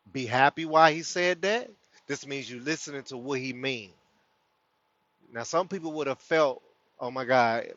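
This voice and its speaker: A man's voice: mid-range voice, a bit bright. Laid-back man with a lilt. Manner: loose, conversational, laughs often. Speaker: host of a spiritual community livestream. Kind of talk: casual spiritual talk to viewers. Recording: dull lo-fi sound.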